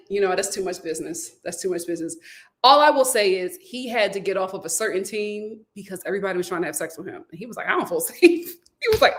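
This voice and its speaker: A young woman with a mid-range voice hosts a casual live stream. She reads out comments from viewers and chats animatedly, laughing a lot along the way.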